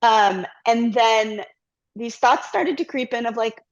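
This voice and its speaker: A middle-aged woman sits for an interview and tells her own story with candor and reflection. Her voice sits a little higher than most, and she now and then slips into quoting the thoughts she once had. The recording is slightly muffled and lo-fi. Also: slow pace. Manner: reflective, acts out her past self-talk in quotes. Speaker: guest, company CEO. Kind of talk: candid conversational storytelling.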